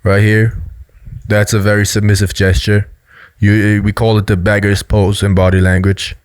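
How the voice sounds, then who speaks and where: A man gives a casual, explanatory commentary on body language, loose and full of fillers. His low voice sounds dry and close to the microphone. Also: completely flat delivery, moderate pace, smooth, no echo.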